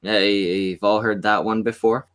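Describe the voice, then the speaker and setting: A man's voice: fairly low pitch, steady tone, normal speed, a bit bright, clear, resonant tone. A man with a Canadian accent, chatting crudely in casual stream banter, often stumbling and restarting. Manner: crude, hesitant, many restarts.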